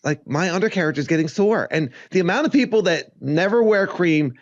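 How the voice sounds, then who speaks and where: A man's voice: high voice, lively intonation, brisk, dull audio. A man co-hosting a podcast in casual chat, rambling and joking with frequent laughs. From Arizona. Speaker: podcast co-host.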